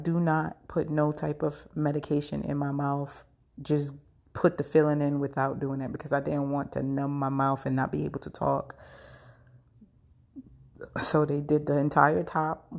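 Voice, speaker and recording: Low, gravelly woman telling a story. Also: a little mellow. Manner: chatty, many "like" fillers, frank. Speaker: podcast host. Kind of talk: casual personal storytelling.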